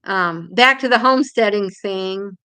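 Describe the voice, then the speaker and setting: A woman's voice: medium pitch, unhurried, bright, forceful tone, clean tone. An older woman with a Hoosier accent hosting a casual live-stream chat from home, rambling and laughing often. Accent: Indiana. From England. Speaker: livestream host.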